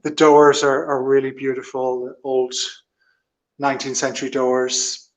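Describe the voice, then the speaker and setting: Relaxed man showing a house on a video call. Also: medium pitch, a little slow. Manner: relaxed, hesitant, with frequent ums. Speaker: guest on a live video link. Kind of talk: casual property tour over video call. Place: inside an old house.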